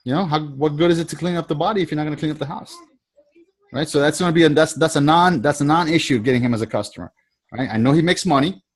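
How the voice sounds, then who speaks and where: A man with a somewhat high voice coaches a group over a video call. He rambles in a loose, casual way, restarting sentences and circling back to the same phrases. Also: quick pace. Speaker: sales trainer leading a group call.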